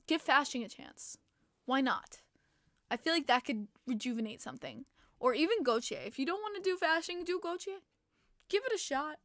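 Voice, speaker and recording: A high, fairly bright female voice comes through a dry, clean studio recording. She's a young woman hosting a casual hockey podcast stream, yawning and worn out as she answers chat comments with chatty, opinionated fan commentary.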